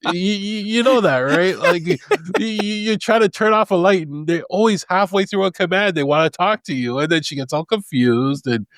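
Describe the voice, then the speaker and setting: A man co-hosting a tech podcast in casual chat, ranting in an animated, exasperated way. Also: high-pitched, normal speed, no echo. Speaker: podcast co-host.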